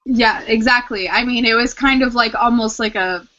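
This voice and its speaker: Bright-voiced woman host, lo-fi recording. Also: on the high side, moderate pace. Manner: casual, fills her talk with "like". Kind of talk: casual interview chat. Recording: dull lo-fi recording.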